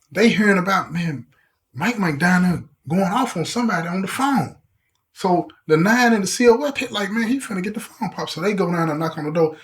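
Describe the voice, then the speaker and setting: Animated storytelling man with speech. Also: high voice. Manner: animated, acts out quotes with shifting voice. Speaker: storyteller host. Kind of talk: casual prison storytelling.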